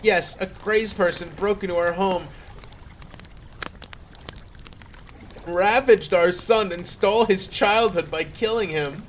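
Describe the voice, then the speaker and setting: A man's voice: high-pitched, moderate pace, a little hiss or hum, voice pushed up, natural voice. A man voicing a grieving mother who speaks in a tearful, earnest, pleading way. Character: grieving mother of a dead boy.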